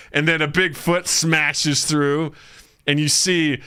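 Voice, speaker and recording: A man narrating a comedic tabletop game as game master, lively storytelling that bursts into shouted character voices. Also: a little high, slow, smooth, dry recording, studio quality.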